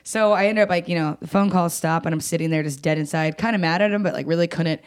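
A young woman telling a personal story in casual conversation, blunt and swearing, acting out quoted lines with jumps in pitch. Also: fast talker. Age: young adult. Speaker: guest.

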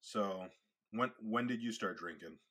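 Husky bright-toned podcast co-host. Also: male voice, on the low side. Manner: halting, restarts often, wry asides. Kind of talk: casual chat.

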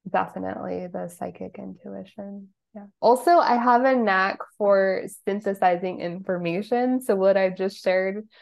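Chatty woman with a gravelly fry. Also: medium pitch, a little slow, few pauses. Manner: relaxed, chatty, laughs often, uses "like" a lot. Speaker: podcast guest, spiritual coach. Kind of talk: casual interview chat.

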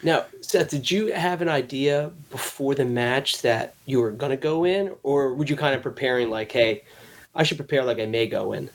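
A man's voice: mid-range voice, moderate pace. Easygoing joking male co-host. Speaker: podcast co-host. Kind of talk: casual livestream chat.

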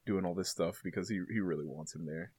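A woman's voice: extremely low pitch, fast, darkish tone, husky. A woman co-hosting a casual chat, chiming in with quoted lines and laughing a lot. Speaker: podcast co-host.

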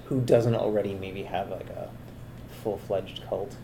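A woman's voice: very deep voice, fairly even intonation, unhurried, vocal fry, background noise. A young Canadian woman with a Canadian accent, hosting a casual podcast chat in a playful, teasing way. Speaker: podcast host.

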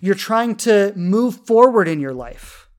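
Woman, 30s, love coach; earnest heartfelt storyteller, plenty of fillers, middle pitch. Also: animated, slow pace, a little mellow. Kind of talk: personal storytelling talk.

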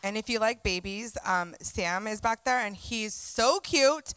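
A woman's voice: medium pitch, measured pace, a bit bright, smooth, dry recording. A woman making bubbly, chatty announcements at a church service. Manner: bubbly, chatty, lots of fillers. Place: church stage.

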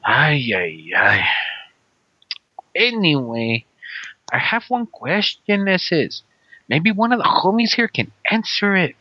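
A man's voice: a little high, big pitch swings, takes it slowly, long pauses, no room sound, highs cut off, heavily acted. A man with a heavy Mexican Spanish accent, joking through a recorded listener message with Spanish slang. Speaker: listener in audio submission.

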